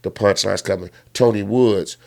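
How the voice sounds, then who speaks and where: Animated Chicago comedian telling stories. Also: male voice, moderate pace, vocal fry. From Chicago, United States. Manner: animated storyteller, swings from low and quiet to loud and excited. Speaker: comedian and podcast guest. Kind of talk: casual storytelling chat.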